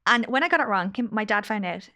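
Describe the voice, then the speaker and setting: Bright-voiced woman, effusive storyteller. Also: medium pitch, animated, fast talker. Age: late 30s. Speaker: guest, angel healer. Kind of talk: casual podcast conversation.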